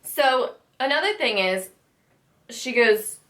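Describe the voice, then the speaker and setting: A woman's voice: on the high side, expressive, slow, fairly bright tone. A young woman recounting a story to a friend in casual chat, rambling with lots of "like". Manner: rambling, lots of filler likes. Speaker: guest friend.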